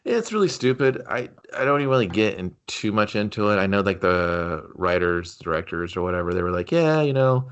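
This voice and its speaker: Low-voiced, laid-back sarcastic man. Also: lively intonation, fairly quick, hardly any pauses, fairly bright tone, smooth, dull audio. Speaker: podcast co-host reviewing a movie. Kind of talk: casual profane movie chat.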